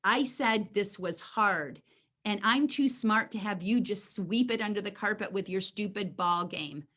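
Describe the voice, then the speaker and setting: Animated woman teaching a dog-training Q&A. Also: medium pitch, measured pace. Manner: animated, acts out dialogue, frequent restarts. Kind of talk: teaching Q&A session.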